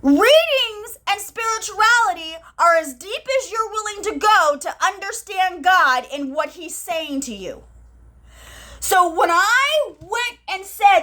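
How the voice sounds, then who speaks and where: A woman talking live to her viewers about her spiritual experiences. She talks excitedly, repeats phrases and acts out the conversations she recounts. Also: extremely high pitch, slow. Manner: excited, breathless, repeats herself, tells stories with quoted dialogue. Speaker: spiritual channel host.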